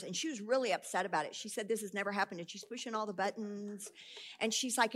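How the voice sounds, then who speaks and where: A middle-aged woman with a medium-pitched voice speaks at a normal pace, giving an audience a lively testimony. She tells it like a storytelling sermon and acts out each quoted voice.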